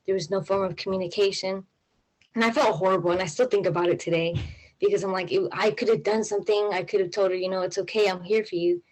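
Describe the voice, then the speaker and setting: A woman's voice: medium pitch, steady tone, fast talker, a little mellow, low-quality recording. Young woman, live storytelling, casual, many fillers, anxious retelling. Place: stage at a live event.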